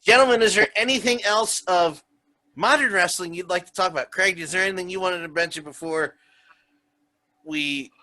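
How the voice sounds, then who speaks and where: A man hosting a casual wrestling podcast, telling stories in an animated way and laughing often. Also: high-pitched, normal speed. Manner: animated storyteller who laughs a lot. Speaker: podcast host.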